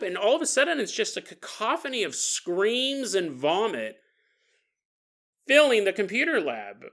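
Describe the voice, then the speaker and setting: A man in his forties hosting a podcast, telling a paranormal story with jokes and silly put-on voices. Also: sits high. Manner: jokey, animated, puts on silly voices for listeners. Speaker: podcast host.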